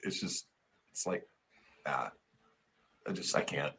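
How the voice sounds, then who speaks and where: A man co-hosting a wrestling podcast, talking casually in halting starts and repeated words. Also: rumbling low, animated, pushed and bright. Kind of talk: casual chat.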